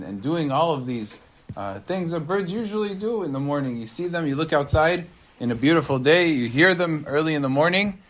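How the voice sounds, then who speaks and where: A man, a rabbi, teaching a Torah class by telling a story in a conversational way. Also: medium pitch. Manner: conversational, with fillers and restarts.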